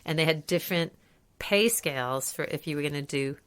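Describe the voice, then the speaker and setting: An older woman co-hosting a casual chat, an animated storyteller who laughs often. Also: sits low, brisk. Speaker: podcast co-host.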